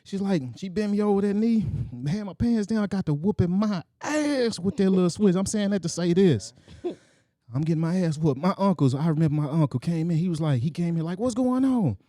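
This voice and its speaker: A man spins a childhood tale in loose, casual storytelling, acting out every quote and slap with sound effects. His voice sits high for a man, and the recording is close and dry with no room sound. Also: fairly quick, mellow, no room sound. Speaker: podcast co-host telling a story.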